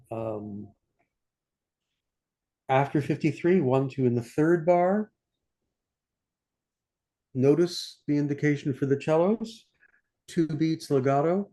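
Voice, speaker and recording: An older conductor teaching an online masterclass, talking through a score and singing the passages in scat syllables. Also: male voice, a little high, warm tone. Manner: sings passages in scat syllables between instructions. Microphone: computer mic on a video call.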